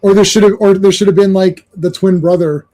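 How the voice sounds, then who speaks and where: A man's voice: sits high, steady tone, brisk, warm tone. A man co-hosting a casual online movie chat, rambling with stammered restarts and mocking quoted lines. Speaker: podcast co-host.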